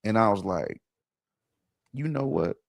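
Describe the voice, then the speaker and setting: A man hosting a podcast, telling stories in casual chat, profane and animated, acting out what people said. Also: fairly low pitch, measured pace, vocal fry, dry recording, clean studio sound. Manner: profane, animated, acts out quotes. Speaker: podcast host. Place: studio.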